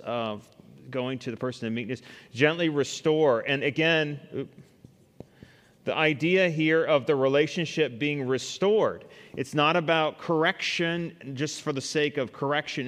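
A man's voice: medium pitch, a bit bright, in a large hall. A man teaching a church Bible study class, conversational, asking the group questions and answering them himself. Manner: conversational, asks the class questions, many fillers.

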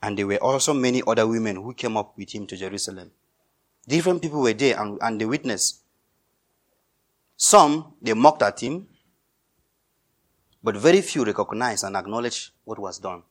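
Man preaching an emphatic sermon, low voice. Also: expressive, moderate pace, pauses often. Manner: emphatic, repetitive preaching with rising and falling intensity. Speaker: pastor.

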